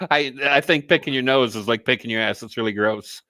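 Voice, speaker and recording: A man with a bright, forceful voice, cohosting a live chat show. He talks bluntly and swears freely, joking his way through crude topics. The sound is dry and close. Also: medium pitch, moderate pace, no room sound. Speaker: co-host.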